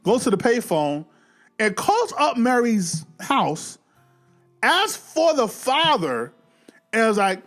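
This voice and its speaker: A man giving a casual, animated movie recap, swearing freely and acting out the scenes as he goes. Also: very high voice, takes it slowly, faint music behind. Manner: animated, profane, acts out scenes. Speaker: film reviewer.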